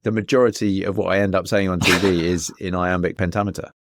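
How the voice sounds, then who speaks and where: A man's voice: sits low, fairly even intonation, fast talker, a little hiss or hum. A man, co-hosting an interview and reacting with enthusiasm. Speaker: podcast co-host. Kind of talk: casual interview chat.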